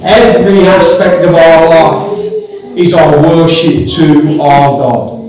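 A man's voice: fairly high pitch, slow. A man preaching a sermon to his congregation, earnest and rising into impassioned emphasis. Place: church building. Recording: echoey church hall, mic at a distance, background noise.

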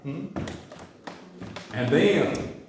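A man's voice: a little high, expressive, extremely slow. A man preaching a sermon, asking the congregation questions and acting out everyday scenes. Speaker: pastor. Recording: echoey distant room mic with noise.

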